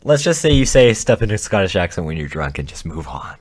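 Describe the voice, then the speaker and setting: A man with a fairly low voice runs a tabletop game for his friends. He narrates casually, stopping and restarting mid-sentence as he builds the scene. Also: sing-song, a little fast. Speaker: game master.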